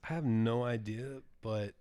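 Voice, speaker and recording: A man's voice: mid-range voice, measured pace, mellow, clear, resonant tone, no room sound. A man co-hosting a podcast in casual chat, joking and laughing often. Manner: jokey, laughs often, talks in restarts. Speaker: podcast co-host.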